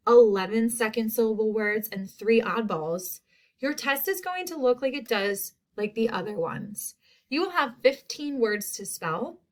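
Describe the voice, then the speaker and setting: A woman teacher giving a recorded spelling lesson to young students, saying each word slowly and clearly. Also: fairly high pitch. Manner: slow, clear word-by-word enunciation.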